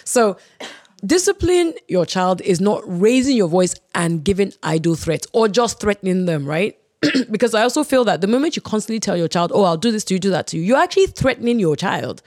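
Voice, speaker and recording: A podcast host who talks with a lot of movement in pitch and laughs easily. They pull the guest's points together and open new questions. The recording is close and dry. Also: expressive, brisk, few pauses, darkish tone, dry recording. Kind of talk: casual podcast discussion.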